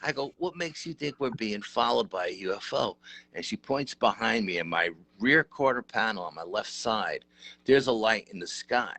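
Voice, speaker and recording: A middle-aged man tells a story in an animated, rough-edged way. His voice sits very low but has a bright, forward edge. The recording is close and dry. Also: normal speed, no echo. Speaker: interview guest, paranormal researcher. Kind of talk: casual storytelling.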